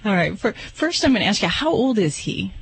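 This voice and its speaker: A woman's voice: medium pitch, big pitch swings, brisk, gravelly, husky. A woman veterinarian on a radio show, asking a caller friendly, probing questions.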